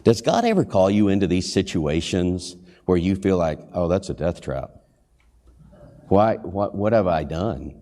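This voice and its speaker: A pastor who is also a hospital chaplain preaches earnestly in a low, warm voice, posing questions to his listeners and briefly acting out lines he quotes. His delivery is sing-song and a little slow, and the church sanctuary gives it a long reverb.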